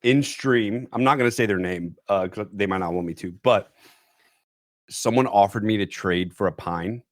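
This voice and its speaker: A man's voice: lowish voice, moderate pace, dry recording, studio quality. A man as a podcast guest, laid-back and laughing often in casual chat.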